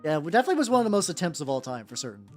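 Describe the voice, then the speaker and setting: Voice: medium pitch, sing-song, very fast. A miniature painting streamer chatting casually on a live stream, rambling with many fillers and self-restarts. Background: faint background music.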